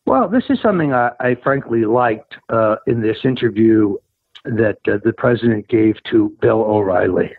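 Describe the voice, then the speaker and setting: A combative man on a tinny, dry phone line hammers his points home. His voice sits fairly high and swings a lot as he presses, with a husky edge. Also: animated, normal speed, no room sound. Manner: emphatic, combative, rising to insistent highs. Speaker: guest, political operative. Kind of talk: interview over the phone.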